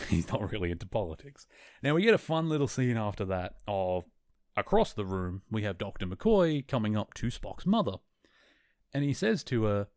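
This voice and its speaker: A chatty male podcast host with a low-pitched voice, rambling through an episode recap with easy enthusiasm. He often corrects himself mid-thought. The sound is close-miked and dry, with no room echo. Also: sing-song, moderate pace, a little mellow. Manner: chatty, enthusiastic, self-correcting, laughs now and then. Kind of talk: casual chat, recapping an episode.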